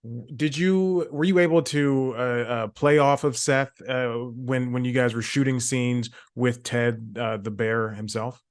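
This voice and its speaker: A man's voice: mid-range voice, steady tone, a little slow, hardly any pauses. A man interviewing actors, asking questions in a friendly, appreciative, laid-back way.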